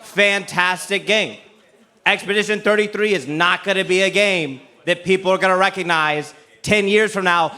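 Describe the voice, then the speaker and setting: Man, mock trial lawyer, emphatic delivery, bright tone, live panel room. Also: sits high, moderate pace. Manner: emphatic, builds to a rousing finish. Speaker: debating lawyer on a comedy panel. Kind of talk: mock courtroom argument. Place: convention panel room before a live audience.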